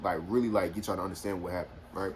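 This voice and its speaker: A man's voice: low voice, rapid-fire, breathy edge. A young man, telling a personal story casually on a phone, rambling with lots of fillers. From Houston, Texas. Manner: rambling, filler-heavy, animated retelling. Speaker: vlogger.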